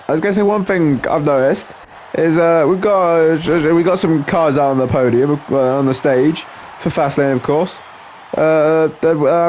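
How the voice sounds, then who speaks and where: Male gamer commentator with a slightly high voice, casual play-by-play, excitable, lots of fillers. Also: slight background noise. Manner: excitable, frequent exclamations and filler words. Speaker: gameplay commentator.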